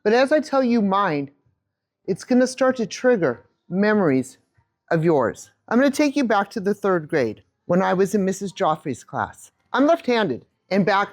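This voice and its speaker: A woman in her fifties giving a keynote talk on stage, telling a childhood story to a live audience with an animated manner and a handheld mic. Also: mid-range voice, moderate pace. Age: 50s. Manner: animated storyteller, acts out quotes. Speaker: keynote speaker.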